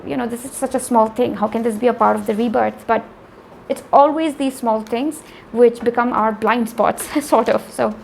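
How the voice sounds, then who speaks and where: Young Indian-born tarot reader, woman; chatty, animated, direct-to-viewer, slightly high with gravelly fry. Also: a little hiss or hum. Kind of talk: casual tarot reading to camera.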